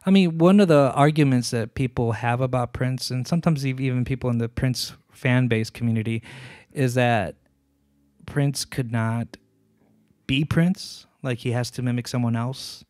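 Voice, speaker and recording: A man co-hosting a podcast who explains his views earnestly and at length, slowing down to stress his points. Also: mid-range voice, darkish tone, dry recording, clean studio sound. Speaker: podcast co-host. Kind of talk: casual chat.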